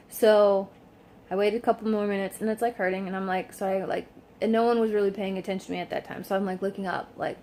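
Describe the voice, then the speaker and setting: A woman's voice: medium pitch, steady tone, a little fast, darkish tone, a little hiss or hum. A young woman vlogging at home, telling a story in a chatty way, filling her talk with "like" and acting out what people said. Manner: chatty, says "like" constantly, acts out quoted lines. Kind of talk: casual storytelling to camera.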